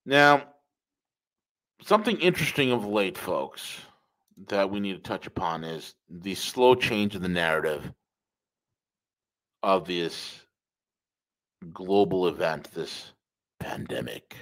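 A man's voice: low voice, big pitch swings, takes it slowly, pauses often, fairly bright tone, low-quality recording. A man hosting a podcast, giving opinionated commentary with emphatic repetition and calling listeners folks. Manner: emphatic, repeats phrases, addresses listeners as folks. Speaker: podcast host.

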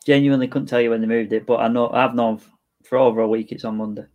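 Fast-talking co-host. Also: male voice, mid-range voice, steady tone, highs cut off. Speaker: podcast co-host. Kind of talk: casual football podcast chat.

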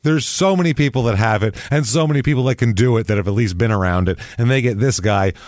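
A man's voice: mid-range voice, fast talker, dry recording, clean studio sound. A man co-hosting a casual movie podcast, ranting profanely and mimicking bad accents. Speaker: podcast co-host. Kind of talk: casual movie-riffing chat.

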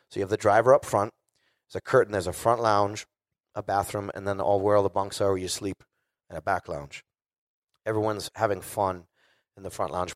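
A man telling stories on stage with animated delivery, swearing constantly and acting out other voices. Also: on the low side, no echo, clean studio sound. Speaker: guest musician telling stories. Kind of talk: casual storytelling on stage. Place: live show before an audience.

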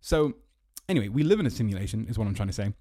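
Animated and talking very fast in a dark tone, the young Irish podcaster delivers a casual solo monologue from his parked car, rambling from story to story with sarcasm and mock-squeaky impressions. The sound is clean studio audio with no echo.

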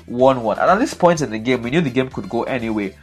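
A man's voice: medium pitch, animated, fast, husky, soft background music. Exasperated man ranting about football. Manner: exasperated, repetitive, emphatic ranting. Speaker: football pundit. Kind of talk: animated match analysis.

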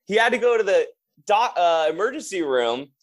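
A fairly high-voiced man tells tour stories in a loose, animated way. He slips into other people's voices as he retells their words. The talk is relaxed and conversational. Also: normal speed. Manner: animated storyteller, acts out quotes. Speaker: touring drummer telling stories. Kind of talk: casual chat.

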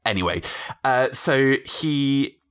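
A man's voice: medium pitch, expressive, slow pace, fairly bright tone, clean tone. A man, co-hosting a podcast and retelling history in a casual, jokey way, acting out quotes with put-on voices. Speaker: podcast co-host. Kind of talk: casual chat, storytelling history.

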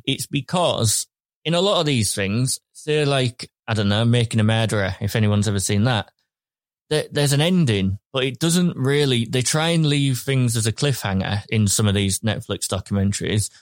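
A man in casual podcast chat who trails off and restarts his sentences as he goes. His voice sits at a mid pitch. The sound is dry and close. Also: expressive, moderate pace, no echo. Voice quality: rambling, hesitant phrasing. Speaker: podcast co-host. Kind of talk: casual chat, reviewing a series.

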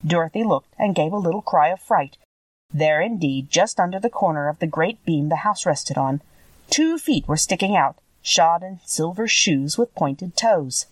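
A woman reading a children's classic aloud as a narrator, in a measured, expressive style. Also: fairly low pitch, no echo, recorded from a distance, rough recording. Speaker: audiobook reader. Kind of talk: storybook narration.

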